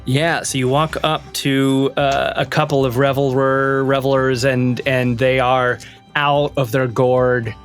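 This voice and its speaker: A man's voice: mid-range voice, little pitch movement, unhurried, soft background music. A man running a tabletop game as game master, narrating in a rambling, playful way and often correcting himself.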